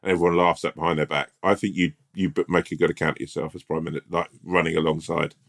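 A man's voice: extremely low pitch, flat delivery, fast talker, gravelly, a bit bright. A man co-hosting a comedy podcast, rambling and swearing as he spins a story. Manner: rambling, swears, laughs often. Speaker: podcast co-host. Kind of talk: casual comedy chat.

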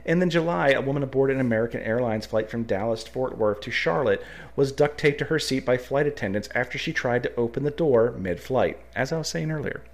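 A man's voice: mid-range voice, fairly quick. Sarcastic podcast co-host man. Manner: sarcastic, blunt, swears. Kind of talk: reading news aloud, then casual banter.

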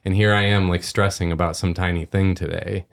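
A man's voice: low-pitched, level tone, a little fast, creaky. A man in his thirties, a podcast co-host, telling a personal story in a casual faith discussion, laughing often.

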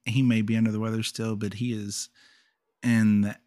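A man's voice: lowish voice, flat delivery, moderate pace, a little mellow, no room sound, studio quality. A man co-hosting a podcast in casual chat, easygoing and teasing. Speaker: podcast co-host.

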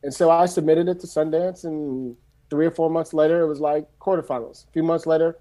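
A middle-aged man from San Francisco, a screenwriter telling his story in a loose, animated, casual way and swearing freely. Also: a little high, a little fast. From San Francisco, USA. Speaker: screenwriter guest.

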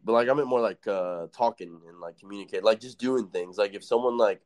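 A man's voice: fairly low pitch, fairly quick, a little mellow. A young man hosting a casual chat, telling stories in a rambling, profane way and laughing often. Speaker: podcast host.

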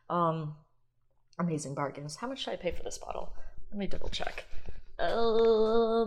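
A young adult woman talks on her own podcast in an easy, rambling way, thinking out loud and dropping the occasional swear word. Her voice sits a little on the lower side for a woman. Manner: chatty, rambling, swears casually, thinks aloud. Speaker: podcast host. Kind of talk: casual solo podcast chat.

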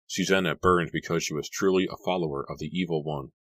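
A man's voice: sits low, steady tone, fast talker, fairly bright tone, dry recording. A man reading aloud and voicing a pious, self-righteous young man making stern, brusque declarations. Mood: indignant.

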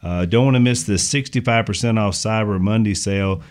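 A man with a very low voice hosting a podcast. He reads a sponsor spot in a relaxed, chatty way, with lots of fillers. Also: a little fast. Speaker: podcast host reading ads. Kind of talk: casual chat with ad reads.

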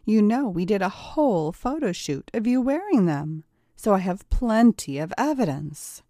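A woman's voice: medium pitch, big pitch swings, moderate pace, mellow, no echo, clean studio sound, natural voice. A woman voicing a scheming young woman who taunts and mocks with smug confidence. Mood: taunting. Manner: taunting, mocking.

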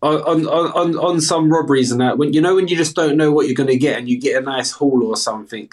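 A man's voice: fairly high pitch, fast talker, darkish tone. A man in his thirties with a South London accent, a guest speaking candidly and earnestly in a casual interview.

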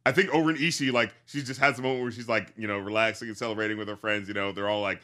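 A man's voice: on the low side, steady tone, rapid-fire, pushed and bright. Rambling, profane man. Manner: rambling, profane, many fillers. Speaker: podcast co-host. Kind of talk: casual film discussion.

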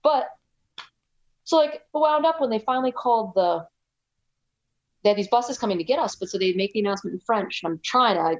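Fast-talking American woman, dull audio. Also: mid-range voice. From United States. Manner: rapid, animated, chatty with many restarts. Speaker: guest, ultrarunner. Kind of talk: casual interview storytelling.

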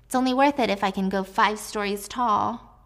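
A woman doing a loud teasing mom. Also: medium pitch, moderate pace, lightly acted. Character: teasing mother, playful and loud.

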